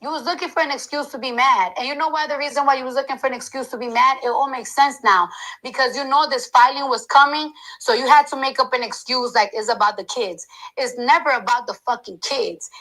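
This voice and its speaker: A woman's voice: sits high, brisk, pushed and bright, rough recording. A woman in her thirties in a heated, profane, repetitive rant, filmed on a phone for a live video. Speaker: celebrity ranting online. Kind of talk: angry unscripted rant.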